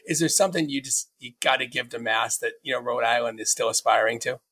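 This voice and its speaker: A man from Massachusetts co-hosting a podcast, asking rambling, halting questions with many restarts in casual chat. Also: medium pitch, fairly even intonation, fairly bright tone. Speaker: podcast co-host.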